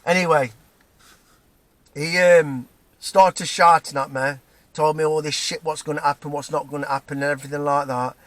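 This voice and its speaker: A man with a broad Nottingham accent vents in a heated, profane rant, his voice sitting a little high for a man. He stumbles, restarts and keeps checking in with "right?". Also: steady tone, moderate pace, fairly bright tone, no echo. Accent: Nottingham English. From England, Nottingham. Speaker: vlogger. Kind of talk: angry personal rant to camera.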